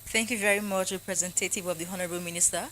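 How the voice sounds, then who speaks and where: A Nigerian woman hosting a forum as its convener, a lively emcee who jokes with the audience. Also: on the low side, rapid-fire, noisy background.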